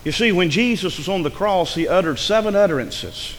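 A man preaching a sermon, dramatic, dropping to a hush and rising to a shout. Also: sits high, animated, a little fast, long reverb tail, a little hiss or hum.

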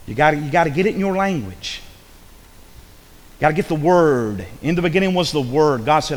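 A man preaching in a church with a somewhat high voice. He is folksy and repeats his phrases, rising to loud emphasis and dropping to hushed asides. The sound carries a long hall reverb. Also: lively intonation, fairly quick. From rural upbringing. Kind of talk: sermon.

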